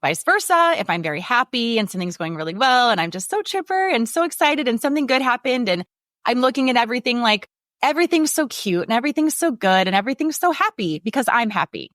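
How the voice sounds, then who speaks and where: A woman's voice: fairly high pitch, sing-song, fast, fairly bright tone, dry recording, studio quality. A woman in her forties hosting a podcast, talking in a candid, casual motivational way, swearing freely and laughing often. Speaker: podcast host.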